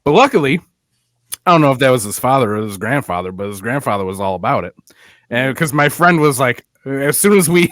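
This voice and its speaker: A man's voice: mid-range voice, very animated, fairly quick, a bit bright, no echo, clean studio sound. A man co-hosting a podcast, telling a story in casual chat and laughing at his own punchlines. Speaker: podcast co-host.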